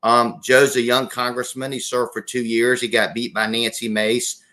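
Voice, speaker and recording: A man's voice: medium pitch, little pitch movement, normal speed, bright, forceful tone. Man from South Carolina, folksy guest. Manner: folksy, self-correcting, many restarts. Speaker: guest, former state legislator. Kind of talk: political interview.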